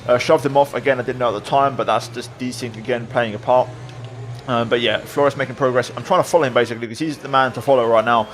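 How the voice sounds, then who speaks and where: A man's voice: medium pitch, fast. Brief: male sim racer narrating his race replay, easygoing, lots of fillers, noisy game audio behind. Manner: relaxed, reflective, with many fillers. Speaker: sim racing video creator. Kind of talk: replay commentary voice-over.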